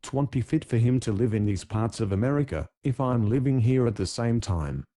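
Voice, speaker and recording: A man voicing a drunken, swaggering male pirate captain with a hoarse, husky voice, read in an audiobook. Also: medium pitch, animated, moderate pace, warm tone, lightly acted. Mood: boastful.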